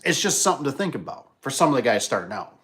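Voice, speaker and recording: A man's voice: medium pitch, fast talker. A man who installs garage doors, casually telling a rambling work story on a livestream, full of restarts and acted-out dialogue. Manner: rambling, animated retelling with many restarts.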